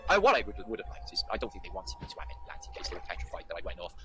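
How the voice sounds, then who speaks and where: A man's voice: sits low, sing-song, very fast, over music. A British man hosting a casual livestream, greeting viewers by name and rambling in a sweary, affectionate way. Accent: British English. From Britain. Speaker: livestream host. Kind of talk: casual livestream chat reading out viewer names.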